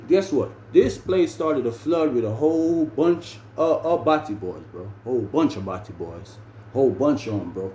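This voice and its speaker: A man's voice: medium pitch, mellow. A man telling a story casually and animatedly, with heavy slang and frequent "bro" and "man". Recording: roomy room with faint ambient noise.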